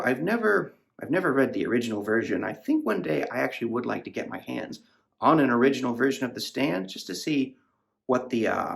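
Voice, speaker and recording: A creaky, mid-range male voice belongs to a podcast host discussing a novel. He rambles in a casual, profane way, packing his review with fillers.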